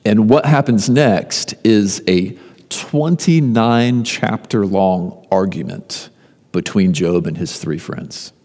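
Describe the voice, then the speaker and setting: A man preaching a sermon, retelling a story conversationally with emphatic lists and pauses. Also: lowish voice, darkish tone. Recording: long reverb of a large hall.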